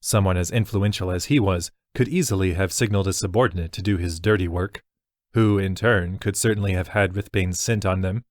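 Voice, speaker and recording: A man reading a fantasy novel as narrator in an even, measured way. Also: deep voice, dry recording, studio quality. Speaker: audiobook narrator.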